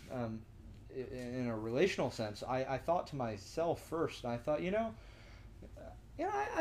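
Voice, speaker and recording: A man's voice: mid-range voice, darkish tone, a little hiss or hum. A young man leading a church discussion, teaching in an earnest, conversational sermon style with frequent restarts and rhetorical asides. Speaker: discussion leader.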